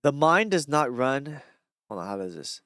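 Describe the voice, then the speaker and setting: A streamer speaks on his own in a medium-pitched, sing-song, fairly bright voice at a moderate pace. He reads short thoughts aloud and muses on them in a rambling, reflective way full of fillers and restarts, captured in a dry, clean studio recording.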